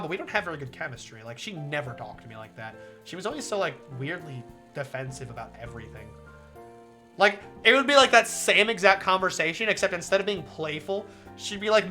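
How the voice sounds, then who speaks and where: A man's voice: sits high, very animated, fairly quick, sharp tone, faint music behind. A young man streaming a visual novel, chatting casually, laughing often and swearing freely. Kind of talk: casual live-stream commentary.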